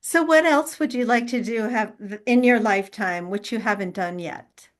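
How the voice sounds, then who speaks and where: A woman's voice: fairly high pitch, moderate pace. A woman hosting a podcast, asking her guest questions and adding short encouraging replies. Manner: brief encouraging interjections and questions. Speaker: podcast host. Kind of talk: interview.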